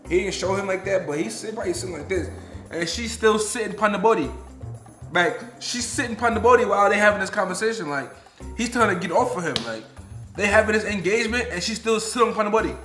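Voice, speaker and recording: A man's voice: high voice, lively intonation, fast talker, bright, forceful tone, reverberant, faint music behind. A young man hosting a casual reaction video, talking in loose slang and laughing along. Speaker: reaction channel host. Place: indoors, sit-down video.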